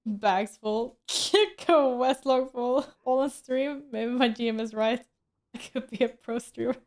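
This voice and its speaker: A woman's voice: a little high, fairly even intonation, unhurried, a little mellow. A woman streaming a game, chatting casually with viewers, joking at her own expense and laughing often. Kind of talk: casual gameplay stream chat.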